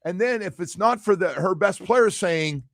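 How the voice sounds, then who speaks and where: A middle-aged man hosting a sports talk radio show, chatting casually and telling animated stories with quoted asides. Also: normal speed, creaky, no room sound, studio quality. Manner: animated storyteller, drops into low quoted asides.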